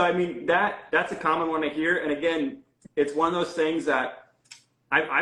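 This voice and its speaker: A man's voice: a little high, a bit bright, echoey room, rough recording. A man speaking as a guest health coach in an interview, talking casually with many fillers and restarts. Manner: conversational, frequent fillers and restarts.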